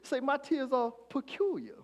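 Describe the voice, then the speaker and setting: Preaching at normal speed, this male pastor's very high voice swoops wildly in pitch. He calls for responses from the congregation and shifts from near-whispers to shouting.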